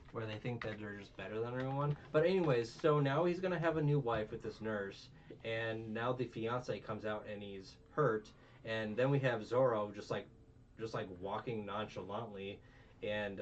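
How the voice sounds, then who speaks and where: Young man, casual podcast host, low voice, rambling and swearing, distant muffled mic, faint hum. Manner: rambling, swearing, retelling scenes. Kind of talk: casual anime review chat.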